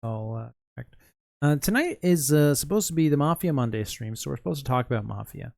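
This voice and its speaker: A man's voice: medium pitch, expressive, a little fast, creaky, a little mellow, dry recording, studio quality. A tired man streaming live, rambling casually and answering chat as he runs an online Mafia game. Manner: rambling, responds to chat messages.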